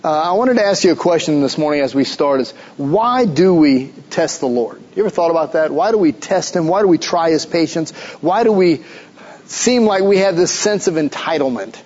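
High-voiced pastor preaching. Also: male voice, animated, moderate pace, darkish tone, highs cut off. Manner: preaching with rhetorical questions, pressing and emphatic. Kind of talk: sermon.

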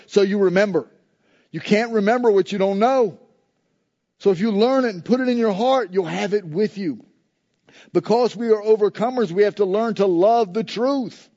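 Male pastor, high mellow voice, conversational sermon that swings from emphatic to hushed, slightly dull recording. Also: moderate pace. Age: adult with a school-age son. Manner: conversational preaching, shifting between loud emphasis and soft low asides.

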